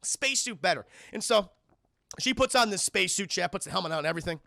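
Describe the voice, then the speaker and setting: A man gives a profane, animated film recap to his stream chat, in a high, bright voice. He has a heavy gravelly fry, and the recording is dry and close. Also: quick pace, no room sound.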